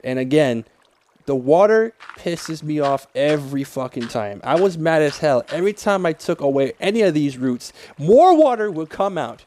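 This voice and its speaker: A young man who makes Minecraft tutorials narrates gameplay in a casual, rambling voice-over. His voice is fairly high and a little mellow, swinging widely in pitch at a normal speed. He swears often and gets annoyed easily, with slight background noise behind him.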